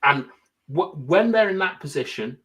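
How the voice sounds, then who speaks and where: A man's voice: a little high, animated, moderate pace, fairly bright tone. A young man co-hosting a casual football podcast, explaining tactics at length and thinking aloud with lots of fillers. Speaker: podcast co-host.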